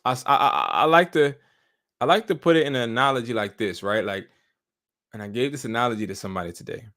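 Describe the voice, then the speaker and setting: A man's voice: mid-range voice, fast, a bit bright. A man hosting a live stream, chatting casually and telling stories in loose slang with profanity. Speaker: host.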